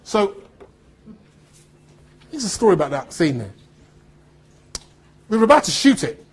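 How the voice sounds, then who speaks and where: Husky English actor telling stories. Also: male voice, high-pitched, a little slow. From United Kingdom. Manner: animated storyteller, acts out voices. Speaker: actor giving a talk to students. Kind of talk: anecdotal talk with audience.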